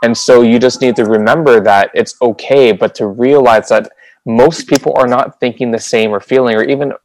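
A man's voice: mid-range voice, steady tone, moderate pace, poor audio. A man co-hosting a podcast in casual chat, reflective and playful by turns. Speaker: podcast co-host.

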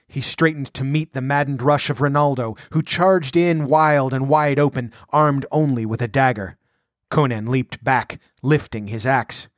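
Man narrating an action book, measured and vivid, no room echo at all. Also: mid-range voice, clean studio sound. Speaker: audiobook narrator. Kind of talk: dramatic audiobook narration.

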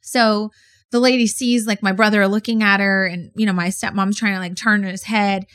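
Woman podcast co-host, blunt and animated, casual storyteller. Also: medium pitch, moderate pace, smooth. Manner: frank, animated storyteller with swearing. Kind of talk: casual chat.

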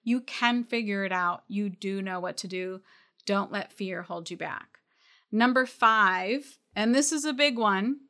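A woman's voice: mid-range voice, a little slow, bright, forceful tone. A woman coaching shop owners, talking directly and encouragingly and calling listeners out when needed. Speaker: retail business coach. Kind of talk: coaching podcast talk.

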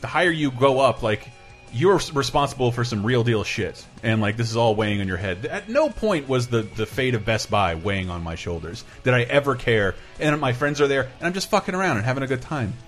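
A man hosting a podcast, chatting casually and reading listener stories aloud with lively put-on voices. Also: medium pitch, brisk, faint music behind. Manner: animated storyteller who puts on voices. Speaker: podcast host.

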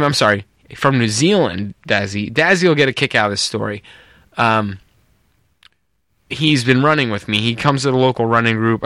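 A North American man co-hosts a podcast, chatting casually and drifting into rambling stories that get lively as he tells them. His voice sits at medium pitch, recorded with studio quality and no room sound.

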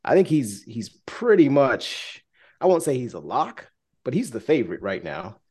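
A man's voice: mid-range voice, big pitch swings, moderate pace, a little mellow, slightly rough. Chatty man co-hosting over a call. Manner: chatty, hesitant with fillers, repeats himself. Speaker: podcast co-host. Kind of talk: casual sports podcast chat. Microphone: remote call.

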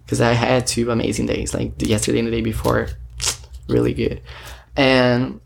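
A man tells a story straight into his own camera, and his voice keeps sinking into a gravelly, creaky fry. He rambles, packs in fillers and acts out snippets of what people said. His pitch sits right in the middle for a man. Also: completely flat delivery, normal speed. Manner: rambling, filler-heavy, retells talks with quoted dialogue. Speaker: vlogger. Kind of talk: casual storytelling monologue. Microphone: self-recorded camera or phone.

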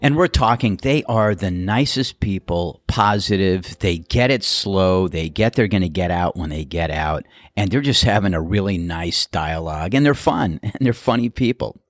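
A man's voice: low-pitched, moderate pace, few pauses, no room sound. A man working as a golf course starter, telling a story in a casual monologue and acting out the voices of the people in it. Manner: animated storyteller who acts out others' voices.

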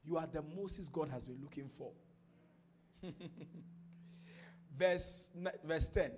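A man's voice: a little high, takes it slowly, slightly rough. A Ghanaian man preaching a sermon as pastor, teaching from scripture and building up to fervent declarations. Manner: builds from quiet teaching to shouted prophetic declarations.

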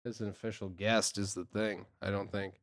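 A man hosting a podcast in casual chat, playful and quick, teasing his guest and then backing off. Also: lowish voice, little pitch movement, dry recording, studio quality. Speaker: podcast host. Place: podcast studio.

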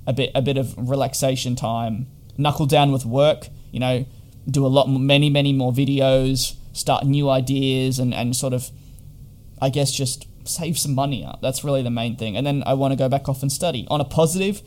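A man's voice: medium pitch, steady tone, moderate pace, a little mellow. A man chatting casually in a vlog about hotel quarantine, rambling and wry with lots of fillers. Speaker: vlogger.

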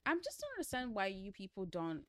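Young woman, casual podcast chat, animated, laughs often, dry close mic. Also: mid-range voice, fairly quick, no echo. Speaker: podcast co-host. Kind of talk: casual book discussion chat.

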